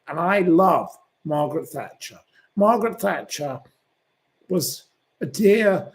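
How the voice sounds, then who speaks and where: A man's voice: fairly high pitch, vocal fry, darkish tone. A man hosting a livestream, reading viewer comments aloud and ranting and swearing at commenters. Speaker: channel host.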